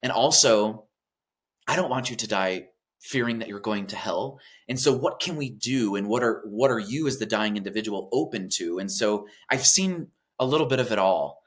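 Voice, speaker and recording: A man speaking as a guest in an interview about his work as a death doula, talking earnestly and gently, often pausing with fillers. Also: on the low side, animated. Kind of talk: reflective interview talk.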